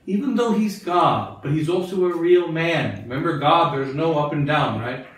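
Bishop teaching nuns; quizzes the room, repeats for emphasis; big echo, distant mic. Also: male voice, on the high side, normal speed, slight background noise. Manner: asks the listeners questions, repeats phrases for emphasis. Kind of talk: catechism talk to religious sisters. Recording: very echoey room, mic far off.

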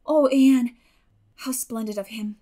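A woman voicing an excitable, breathless young girl who speaks in a gushing way in an audiobook. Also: on the high side, slow. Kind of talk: audiobook character voice.

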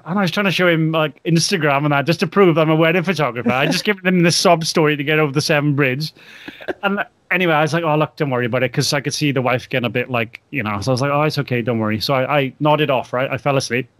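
Guy telling a funny story, kinda high voice, super animated, dry sound. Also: fast talker, no room sound. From England. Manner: animated anecdote, laughing, acting out quotes. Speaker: podcast guest, wedding photographer. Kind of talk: casual storytelling.

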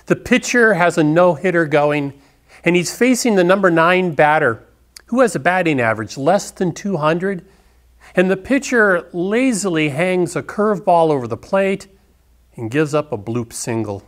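A man giving a sermon as pastor, telling sports stories in a relaxed, conversational way. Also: on the high side, moderate pace. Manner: conversational storytelling preaching.

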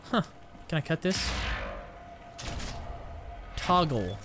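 A young man with a slightly high voice talks his way through a shooter game in a loose, rambling way. He jokes at his own expense and snaps into frustrated outbursts. Game music plays clearly behind him. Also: lively intonation, a little slow, pauses often. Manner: rambling, self-mocking, blurts out frustration. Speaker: gamer playing through a shooter. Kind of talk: casual let's-play commentary.

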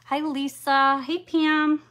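A woman hosting a live craft-painting tutorial from her home craft room, chatting and greeting viewers by name while she works, now and then clearing her throat. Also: high-pitched, little pitch movement, slow pace, a bit bright.

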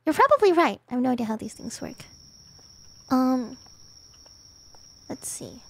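A woman's voice: high voice, sing-song, unhurried, vocal fry. A woman streaming a game in a casual, playful way, chatting with her viewers and breaking into dramatic exclamations. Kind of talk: casual gaming livestream.

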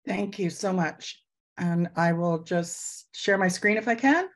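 Slow, gentle woman in her sixties. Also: fairly low pitch. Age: 60s. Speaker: elder giving closing words. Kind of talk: spoken closing reflection with guided breathing. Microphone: video call.

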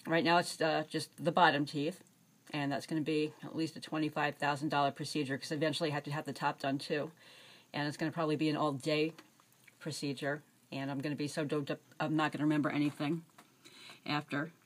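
A scared woman with a slight lisp and some slurring, talking in a halting personal video diary with restarts and pauses. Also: deep voice, little pitch movement. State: anxious and scared. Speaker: vlogger.

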